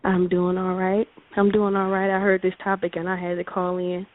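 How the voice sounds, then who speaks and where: A woman calling in to a radio show, telling a date story in a lively way and acting out what people said. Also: lowish voice, moderate pace, no room sound. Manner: animated, laughing, acts out quotes. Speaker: caller. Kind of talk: casual storytelling on call-in radio. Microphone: phone. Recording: tinny phone line with faint hiss.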